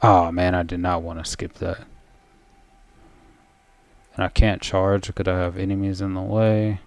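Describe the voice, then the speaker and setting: A man giving casual commentary as he plays a video game, thinking aloud in a relaxed way. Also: sits low, measured pace.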